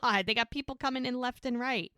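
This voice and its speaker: A woman hosting a podcast, casually recapping a TV episode with animated storytelling. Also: on the high side, fairly quick, no echo, studio quality. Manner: animated storytelling, acting out lines in passing.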